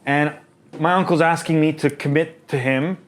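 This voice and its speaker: A man in his thirties from Ontario, Canada, talks in a casual podcast chat. His voice sits a little high for a man. He tells his story with energy and acts out the other people's lines. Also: moderate pace, slight background noise. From Canada, Ontario (Markham). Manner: animated storyteller, acts out quoted dialogue. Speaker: podcast co-host, realtor.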